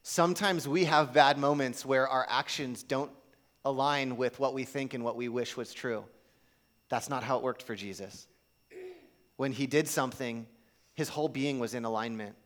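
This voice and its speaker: A man's voice: mid-range voice, a bit bright. A man preaching a sermon in a casual, conversational way, acting out the quotes he tells. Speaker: pastor.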